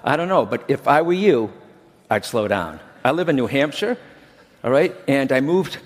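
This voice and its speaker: A man's voice: medium pitch, lively intonation, normal speed. Middle-aged guy giving a chatty stage talk, voice swings up and down a lot, big hall reverb. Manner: chatty, keeps checking in with the crowd. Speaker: medium teaching a workshop. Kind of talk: conference talk to a live audience. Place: large conference hall.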